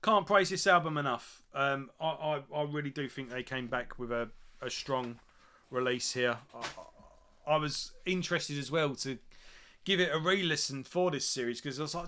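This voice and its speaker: Guy rambling about an album over a beer, bright voice, loads of ums. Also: mid-range voice, moderate pace. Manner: rambling, enthusiastic, with many fillers and restarts. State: drinking beer. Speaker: music channel host. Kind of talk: casual chat.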